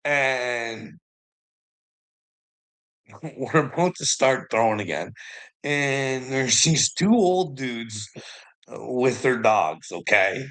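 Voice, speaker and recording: A man's voice: medium pitch, expressive, very slow, long pauses, fairly bright tone. A Canadian man in a rambling casual monologue, swearing a lot and laughing often between sentences.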